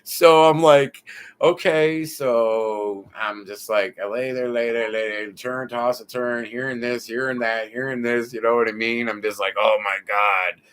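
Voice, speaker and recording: An American man tells his story as an interview guest, in a voice of ordinary middle pitch. He talks in a lively, casual way, swearing freely and dropping filler asides as he goes. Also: normal speed, hardly any pauses, clean tone. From United States. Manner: animated, profane, lots of filler asides.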